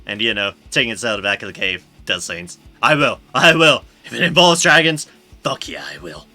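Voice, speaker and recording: A man giving excitable, gushing let's-play commentary on a video game, swearing now and then. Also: medium pitch, brisk, soft background music. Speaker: streamer.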